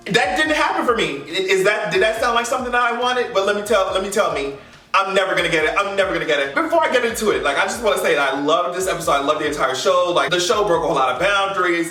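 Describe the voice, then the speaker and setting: A man casually ranting to camera about a TV finale, animated, profane and sassy. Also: high-pitched, echoey room, distant mic. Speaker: vlogger reviewing a TV finale.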